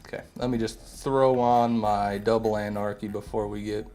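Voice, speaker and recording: A man's voice: fairly low pitch, flat delivery, normal speed, warm tone, faint music behind. A man streaming a game live, chatting casually with viewers and answering their comments, sometimes with sarcastic jabs.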